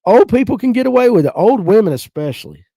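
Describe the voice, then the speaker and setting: A Southern man in his fifties with a North Georgia accent chats to his viewers in a folksy, storytelling way. His voice sits slightly high but sounds mellow and relaxed. It is recorded close to the mic, dry, with no room sound. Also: quick pace, dry recording. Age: 50s. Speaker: livestream host. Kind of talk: casual chat reading viewer comments.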